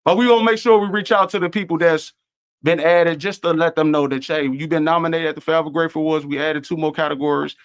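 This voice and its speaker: A man with a Chicago accent talks casually on a radio show. His voice sits a little high. He rambles through his points with many fillers and restarts. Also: steady tone, quick pace, clear, resonant tone, no room sound. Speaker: award show organizer.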